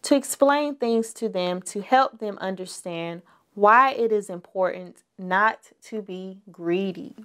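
A woman voicing a calm, sensible mother bear in a read-aloud storybook, talking evenly and reasonably. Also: mid-range voice, slow, smooth, lightly acted.

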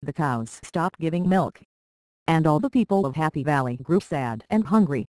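A narrator reading a children's storybook aloud with a steady, even delivery. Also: medium pitch, normal speed, dry recording, rough recording.

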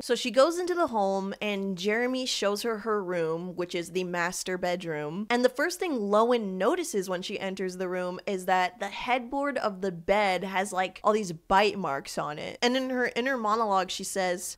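A young woman recapping a novel with dry sarcasm and lively jokes. Her pitch sits in a middle range, and she now and then breaks into silly high voices. The tone is casual and chatty, like a friend ranting about a book. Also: measured pace, few pauses. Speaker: book reviewer.

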